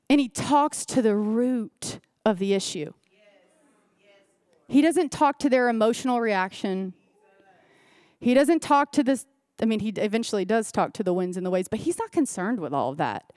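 High-voiced woman pastor preaching emphatically. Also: darkish tone, no echo, studio quality. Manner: emphatic, repeats phrases, asks the crowd rhetorical questions. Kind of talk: sermon. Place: church service.

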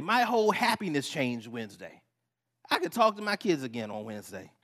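A man delivers a sermon with a high, light voice, shifting between personal stories and scripture. He talks to the congregation in an animated, conversational way. The sound carries a long reverb from a church hall. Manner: animated storytelling preacher, conversational asides. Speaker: pastor.

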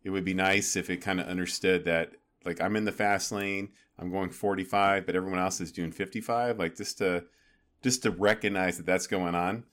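A man's voice: sits low, normal speed. A man co-hosting a podcast, chatting casually and telling anecdotes with playful mock quotes. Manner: storytelling, animated asides and mock quotes. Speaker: podcast co-host. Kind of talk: casual chat.

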